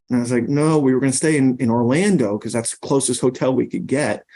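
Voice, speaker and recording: Mellow-voiced man telling rambling stories. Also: mid-range voice, quick pace, vocal fry. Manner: rambling anecdotes with many fillers. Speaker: podcast guest. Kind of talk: storytelling in casual conversation.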